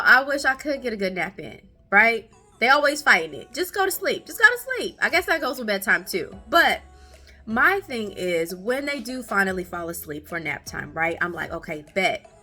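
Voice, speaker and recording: Animated young mom with a bright voice. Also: female voice. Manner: animated, laughing, high playful voices when quoting her kids. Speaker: podcast host, mother of twin toddlers. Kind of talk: casual storytelling chat.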